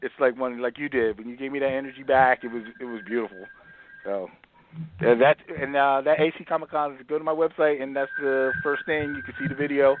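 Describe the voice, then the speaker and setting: A man's voice: medium pitch, brisk, a little hiss or hum. Laughing man on a tinny phone line. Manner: animated, laughs often, trails off and restarts. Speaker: comedian guest. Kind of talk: casual phone interview chat.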